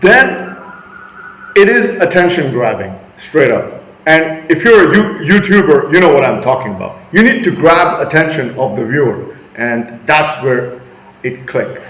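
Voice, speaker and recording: A man vlogs a motivational monologue in a rambling, emphatic way, pushing into loud, assertive bursts. His voice sits a little high. The room gives it a noticeable echo. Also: sing-song, a little slow. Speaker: vlogger.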